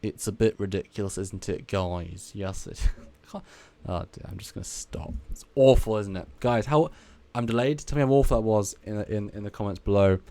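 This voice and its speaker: A man voicing a hammy male radio presenter with a mock Australian accent, in a loud, overdone announcer delivery. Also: on the low side, normal speed, few pauses, close to an everyday voice. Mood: self-mocking.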